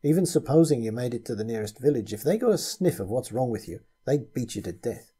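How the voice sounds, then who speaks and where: Man voicing a blunt pragmatic rogue, matter-of-fact, mellow dark tone, husky. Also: medium pitch, very animated, brisk. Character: blunt, pragmatic one-handed adult man.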